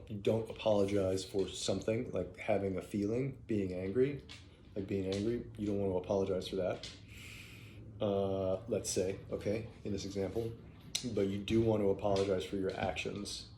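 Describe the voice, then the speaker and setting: Low, dark-voiced man musing slowly. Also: slight background noise. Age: adult parent. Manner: halting, thoughtful, many fillers and restarts. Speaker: parenting teacher. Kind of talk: casual spoken reflection.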